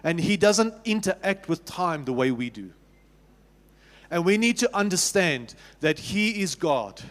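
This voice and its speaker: A man with a South African accent preaching a sermon as pastor, talking with the congregation in an easy, conversational way, often restarting and asking them questions. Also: on the high side. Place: church sanctuary. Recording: long reverb of a church hall.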